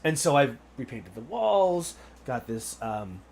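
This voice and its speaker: A man's voice: medium pitch, sing-song, measured pace, vocal fry, a little mellow. A man hosting an interview show from his small home studio, chatty and eager, often tripping over his words. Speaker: podcast host. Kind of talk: casual interview chat.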